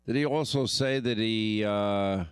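Emphatic male radio host, smooth voice. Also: fairly low pitch, measured pace, no room sound, studio quality. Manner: emphatic, repeats himself. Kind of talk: radio talk commentary.

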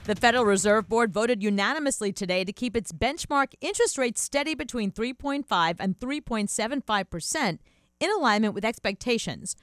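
A woman's voice: on the high side, animated, a little fast, fairly bright tone, no echo. Female news anchor, dry studio sound. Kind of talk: news reading.

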